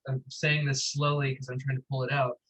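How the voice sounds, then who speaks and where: A man's voice: medium pitch, flat delivery, fairly quick, a bit bright, low-quality recording. A man co-hosting a talk show, ranting in a sardonic, joking way while feeling a little under the weather. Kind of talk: casual chat.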